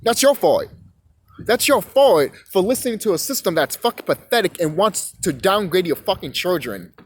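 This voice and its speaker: A man's voice: high voice, expressive, moderate pace, slightly rough, poor audio. A young man delivering a rambling, profane rant monologue, stumbling over and repeating words as he goes. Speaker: vlogger.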